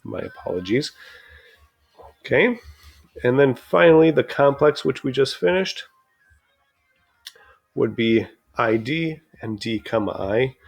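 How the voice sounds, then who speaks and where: Man, teacher, recorded grammar lesson, unhurried delivery, gravelly tone, patient explaining. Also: mid-range voice, animated, faint music behind. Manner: slow, patient explaining with frequent pauses.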